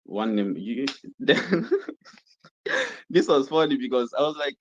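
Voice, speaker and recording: A man's voice: mid-range voice, huge pitch swings, moderate pace, husky, no echo. A Nigerian man, a guest on a call, talking easygoing and musing with many fillers. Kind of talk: casual chat over a call. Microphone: phone or video call. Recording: dull, lo-fi call line.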